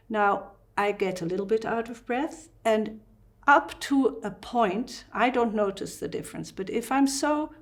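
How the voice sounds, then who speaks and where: A woman fasting doctor with a Dutch accent, explaining fitness and breathing in an interview with lively asides. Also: fairly high pitch.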